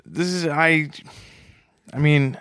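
A male comedy podcast co-host who banters playfully and turns flustered when he is ribbed. His voice is a touch high for a man and sounds dry and close. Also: slow, fairly bright tone, dry recording.

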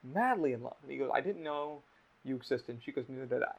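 Gravelly young man on a podcast. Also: medium pitch, animated, fast talker, dull audio. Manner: emotional, swears a lot, lots of restarts. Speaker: podcast host. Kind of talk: casual podcast chat.

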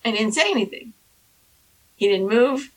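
A woman casually telling anecdotes in an animated way, acting out the people she quotes. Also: normal speed, low-quality recording. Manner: animated, acts out quoted people in high squeaky voices. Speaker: storyteller guest.

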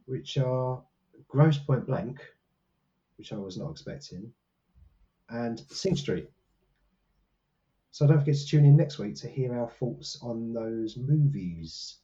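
A man's voice: mid-range voice, warm tone. Male podcast co-host, self-mocking and rambling, dull lo-fi sound. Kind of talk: casual podcast chat. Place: small hot room.

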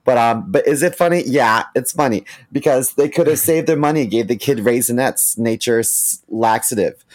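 A man's voice: medium pitch, normal speed, low-quality recording. A man co-hosting a podcast, musing skeptically and making wry jokes in casual chat. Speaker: podcast co-host.

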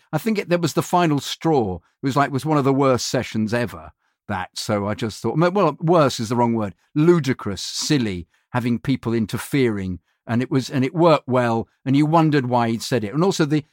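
A middle-aged man who does voiceovers, telling studio anecdotes in a casual, halting way, full of fillers and restarts, and often acting out other people's voices. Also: medium pitch, no echo. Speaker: voiceover artist.

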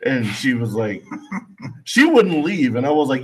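A man's voice: mid-range voice, big pitch swings, measured pace, long pauses, slightly rough. A man co-hosting a podcast, telling a story in a laid-back way, full of "I was like" retellings. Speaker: podcast co-host. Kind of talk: casual storytelling.

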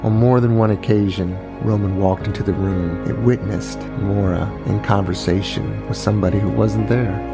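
A man narrating a true crime family story as a podcast host, unhurried and pausing, now and then voicing the people in it. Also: on the low side, fairly even intonation, vocal fry, loud music behind the voice.

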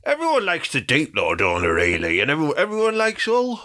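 A man's voice: fairly high pitch, huge pitch swings, brisk, bright, forceful tone, no echo, clean studio sound. A man, chatting casually, teasing and mock-ranting with plenty of swearing. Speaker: comedian, co-host. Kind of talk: casual chat.

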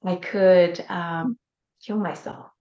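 A woman's voice: on the low side, steady tone, slow, a little mellow. A woman, a coach and interview guest, telling a personal story earnestly and acting out the voices she quotes. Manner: earnest, vivid retelling that acts out quoted voices. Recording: roomy, slightly dull sound.

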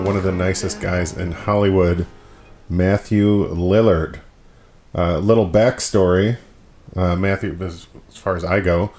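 A man with a very low, deep voice hosts a casual podcast. He rambles through his points with plenty of fillers and pokes fun at himself. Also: darkish tone. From Michigan. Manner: rambling, self-deprecating, frequent fillers. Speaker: podcast host.

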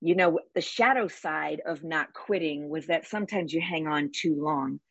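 A woman guest on a podcast interview, talking in an energetic, emphatic, plainspoken way with vivid sayings. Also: sits low, moderate pace, vocal fry, lo-fi sound. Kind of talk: conversational interview.

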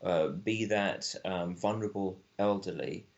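Low-voiced man, muffled sound. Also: unhurried, creaky. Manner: animated and argumentative, often restarting sentences. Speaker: guest, film director. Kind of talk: casual podcast conversation.

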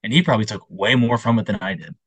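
A young adult man co-hosting a casual podcast tells animated stories and puts on voices for other people. He speaks very fast, with a fairly low, slightly rough voice and no room sound.

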